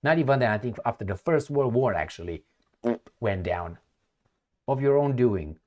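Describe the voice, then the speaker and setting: A man's voice: medium pitch, animated, moderate pace, darkish tone. A man reading news aloud and reacting with heated sarcasm, often searching for words and repeating himself as he goes. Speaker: political commentator.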